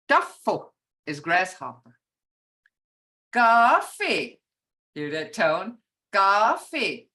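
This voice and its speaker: Slow, patient older woman teaching. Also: lowish voice, bright, forceful tone. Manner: slow, patient, repeats words to model sounds; chuckles often while explaining. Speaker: language teacher. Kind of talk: online beginner language class. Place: video call.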